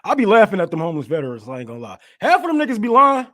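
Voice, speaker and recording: A man's voice: high voice, huge pitch swings, rapid-fire, a bit bright. A man giving a casual political rant, profane and heated, laughing often as he talks. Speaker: political commentator.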